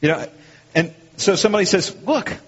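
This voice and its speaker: Husky preacher in a reverberant hall. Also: male voice, on the high side, moderate pace. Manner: conversational, animated, acts out quoted lines. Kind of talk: sermon. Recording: muffled, lo-fi, long hall reverb.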